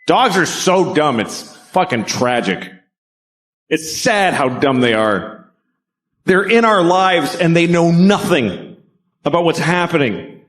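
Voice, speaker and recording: A middle-aged man doing a stand-up comedy set on stage, deadpan and profane, acting out bits. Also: fairly high pitch, slow, pauses often. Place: stage before a live audience.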